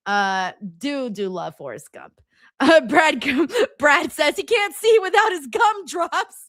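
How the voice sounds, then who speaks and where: A woman hosting a live wrestling watchalong, chatting casually and reading viewer comments. She laughs often and swears freely, with a bright, fairly high voice. The sound is close and dry. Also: expressive, slow pace, no echo.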